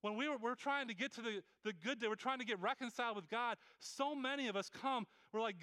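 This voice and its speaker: The recording is dry and close: a pastor with a bright, high-pitched voice pleads with his listeners, his clear, smooth delivery broken by rapid restarts and repetitions.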